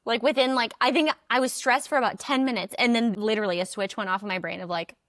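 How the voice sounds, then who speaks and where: A woman co-host with a fairly high voice. She chats in a bubbly, expressive way and acts out what people said. The sound is close and dry. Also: quick pace, no echo. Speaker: podcast co-host. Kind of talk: casual chat.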